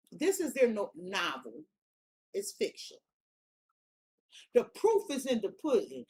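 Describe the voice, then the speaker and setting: A woman giving a casual tarot reading, talking bluntly with heavy slang and swearing. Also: medium pitch. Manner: blunt, profane, slangy and emphatic. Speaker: tarot reader.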